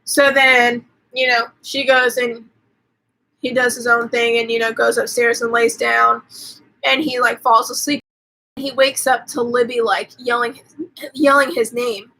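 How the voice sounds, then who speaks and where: Host, woman, bright higher voice, loose rambling plot recap full of "like", casual swearing. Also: flat delivery, poor audio. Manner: rambling, fills every pause with "like", swears casually. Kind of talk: casual movie recap on a livestream.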